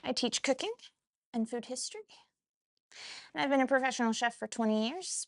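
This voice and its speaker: A middle-aged woman with a hoarse voice, a chef hosting her cooking show in casual livestream chat and swearing casually. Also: high-pitched, lively intonation, brisk. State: hoarse, has lost her voice.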